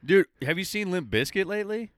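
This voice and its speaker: A young man co-hosting a casual podcast, joking and rambling, quick to laugh. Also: high voice, lively intonation, no room sound, clean studio sound. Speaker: podcast co-host. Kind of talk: casual chat.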